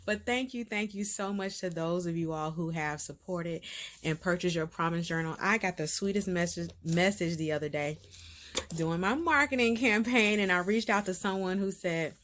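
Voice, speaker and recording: An excitable woman talks straight to her viewers in a casual update, with a voice that sits a little low for a woman. She repeats words for emphasis, laughs easily, and gets emotional enough to sound close to tears. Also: moderate pace, slight background noise. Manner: bubbly and emphatic, with frequent laughs and repeated phrases. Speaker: host of a faith-based video series. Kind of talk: casual direct-to-camera update.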